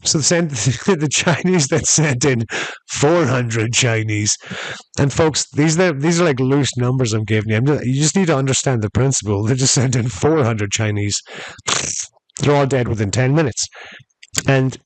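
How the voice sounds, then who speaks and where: A podcast host tells a long story in a rambling, chatty monologue, addressing his listeners as folks. His medium-pitched voice moves at a moderate pace, and the audio is poor, though free of echo.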